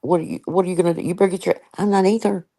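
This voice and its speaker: A woman's voice: fairly low pitch, steady tone, rapid-fire, gravelly, warm tone, rough recording. An older woman, hosting a casual live chat and talking in an emphatic, chatty way with frequent asides. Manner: chatty and emphatic, laughs often, with many asides. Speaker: live-stream host.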